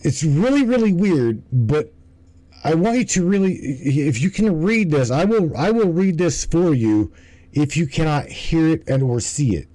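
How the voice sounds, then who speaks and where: Man, stream host, lively pitch, mellow tone, rambling, swears, stumbles over words. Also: a little slow, no room sound, poor audio. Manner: rambling, profane, stumbles and restarts. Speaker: livestream host. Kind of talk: casual commentary.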